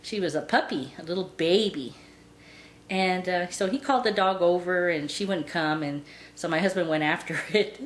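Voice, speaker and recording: A woman with a lowish voice speaking at normal speed tells a long, rambling story about her pet, leaning on plenty of "and, uh" fillers. The recording is roomy, with faint background noise.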